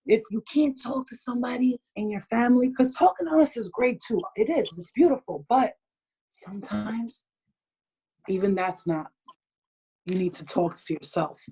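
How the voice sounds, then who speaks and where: A woman's voice: a little high, moderate pace, mellow, husky, poor audio. A woman hosting a group video call, giving blunt advice in casual chat, swearing freely and laughing often.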